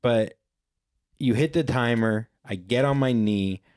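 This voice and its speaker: A man's voice: mid-range voice, a little slow, darkish tone, smooth. A man in his thirties co-hosting a podcast, telling a story in casual chat, joking and swearing, now and then slipping into goofy voices. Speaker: podcast co-host.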